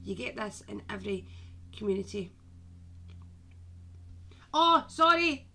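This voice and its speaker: A woman's voice: mid-range voice, lively intonation, measured pace, gravelly, pushed and bright, a little hiss or hum. A woman hosting a live stream as a medium, chatting casually with viewers and calling them "my darling".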